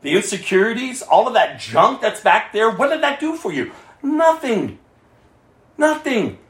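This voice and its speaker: A male pastor with a high voice delivers an impassioned sermon. He swings from loud, emphatic lines down to quiet, hushed asides. The sound carries a roomy echo. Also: sing-song, fairly quick.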